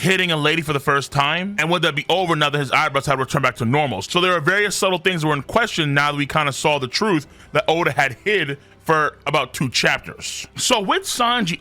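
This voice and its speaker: A fairly high-pitched man with a bright, forceful voice talks through a new comic chapter in relaxed, animated commentary. He drops into quick character voices now and then, and faint music sits under him. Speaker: host reviewing manga chapters. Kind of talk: casual commentary.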